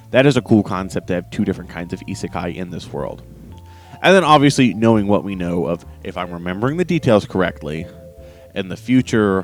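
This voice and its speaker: A man giving a casual, rambling spoken review with lots of restarts and "right?" asides. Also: sits low. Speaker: book reviewer.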